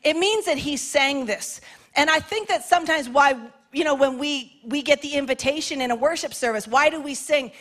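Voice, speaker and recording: A woman's voice: high-pitched, moderate pace, fairly bright tone. A woman preaching a sermon in a passionate, conversational way, acting out quoted prayers.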